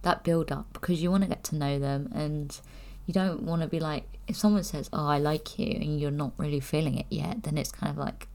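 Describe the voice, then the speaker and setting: A young adult woman vlogger with a low-pitched, brisk, darkish voice chats candidly to camera, rambling and giggling as she talks.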